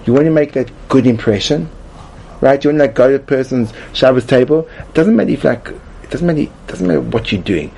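A man's voice: medium pitch, expressive, quick pace, creaky, dark tone, husky. A man giving a rambling, tongue-in-cheek class, with lots of restarts and filler words. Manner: rambling, repeats and restarts, frequent "like". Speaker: comedic class presenter. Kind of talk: mock-instructional comedy talk.

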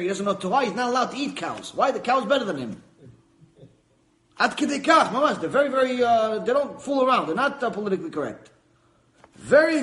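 A man teaching a Torah lecture to a live audience, telling a story with animated emphasis. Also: high-pitched, roomy sound. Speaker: rabbi teaching a class.

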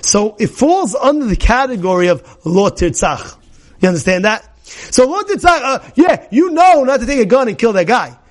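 A man's voice: very high-pitched, big pitch swings, normal speed. A man giving an informal Torah class, telling stories in a chatty, repetitive way and often asking the audience questions. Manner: chatty, asks the audience questions, repeats phrases, acts out shouting characters. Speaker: rabbi teaching a class.

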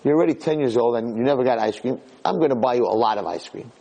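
A man's voice: mid-range voice, fast talker, creaky, mellow, poor audio. A man doing an indulgent mother. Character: generous mother promising her son treats.

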